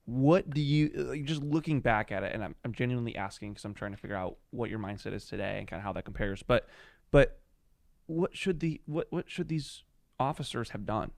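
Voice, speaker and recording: A man's voice: mid-range voice, brisk, vocal fry, a little mellow, no room sound. A male podcast host with a mid-range voice presses his guest with questions while acknowledging the pressure the guest was under. The recording is dry and close. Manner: probing but sympathetic questioning. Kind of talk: interview questions.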